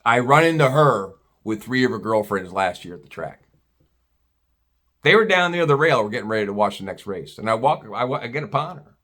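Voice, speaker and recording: A man's voice: medium pitch, sing-song, brisk, a bit bright. A middle-aged American man tells a long personal story in a loose, rambling way. He talks bluntly and swears without a second thought. It sounds like casual, unscripted chat. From United States. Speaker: vlogger.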